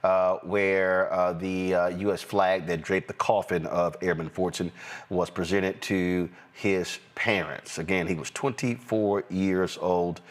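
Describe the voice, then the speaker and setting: Male news show host with a somewhat low voice; steady, deliberate reads with plenty of "uh"s. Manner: deliberate, frequent "uh" fillers. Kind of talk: news commentary and show sign-off.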